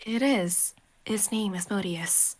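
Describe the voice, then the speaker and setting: A woman's voice: medium pitch, slow pace, darkish tone, lightly acted. A woman voicing an earnest, wary young female mage's apprentice in a put-on British accent, speaking formally. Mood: guarded.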